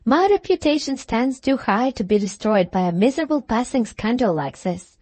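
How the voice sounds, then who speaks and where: A woman reading an audiobook, voicing a young gentleman who gently soothes and remonstrates. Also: on the high side, expressive, normal speed, no echo. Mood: soothing.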